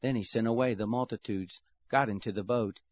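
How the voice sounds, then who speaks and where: A man reading scripture aloud in a steady, measured way. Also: fairly low pitch. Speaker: scripture reader. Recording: dull lo-fi recording.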